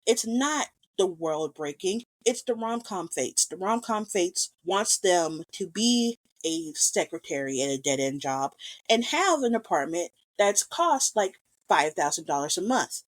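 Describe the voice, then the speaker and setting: A woman's voice: on the low side, big pitch swings. A woman hosting a casual film commentary, talking with rambling enthusiasm and gushing over scenes she loves. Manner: enthusiastic, rambling, quick to gush. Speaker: podcast host.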